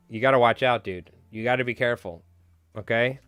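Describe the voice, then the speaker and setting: A man's voice: medium pitch, brisk, fairly bright tone, smooth, no room sound. A man chatting casually on a live stream while tying flies, rambling and joking at his own expense. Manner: rambling, self-mocking, joking.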